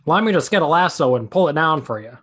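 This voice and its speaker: A man's voice: fairly high pitch, animated, quick pace, fairly bright tone, husky, pitched above the performer's own voice. A man putting on a transatlantic accent as an old-fashioned film suitor, stammering theatrically. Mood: gallant.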